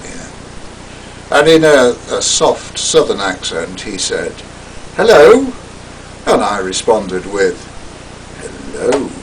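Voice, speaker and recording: An older man giving a talk, recounting a personal story in a theatrical, wry way that drops to hushed asides. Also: fairly low pitch, lively intonation, slow pace, recorded from a distance, a little hiss or hum, poor audio.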